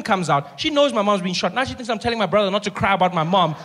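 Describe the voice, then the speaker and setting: Fast-talking comedian. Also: male voice, very high-pitched, slight background noise. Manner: animated, acts out other voices, rising to shouts. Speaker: stand-up comedian. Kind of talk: stand-up storytelling.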